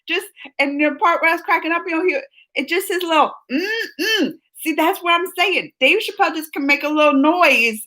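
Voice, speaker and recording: Chatty high-voiced woman streaming. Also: poor audio. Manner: chatty, laughs often, animated storytelling. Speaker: live stream host reading chat. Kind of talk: casual live stream chat.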